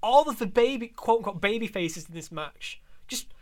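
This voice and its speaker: A man co-hosting a podcast in casual chat, animated and sarcastic, laughing often. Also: high voice, moderate pace. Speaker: podcast co-host.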